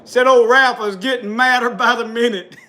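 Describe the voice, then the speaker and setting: A man's voice: extremely high pitch, steady tone, measured pace, bright, forceful tone. A man telling a folksy tall tale in rural dialect, chuckling at his own story as he goes.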